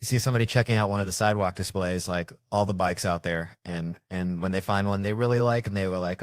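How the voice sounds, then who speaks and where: A comedian telling comic stories in an animated, swearing way, jumping up in pitch for the voices he quotes. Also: fast talker, hardly any pauses, dry recording, studio quality. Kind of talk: comedic storytelling.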